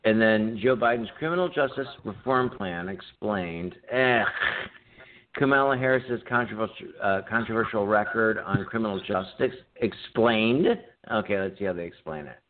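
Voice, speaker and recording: A podcast co-host tells rambling, profane stories in casual chat, his lowish voice moving at a moderate pace. The audio sounds tinny, like a phone line, with faint noise.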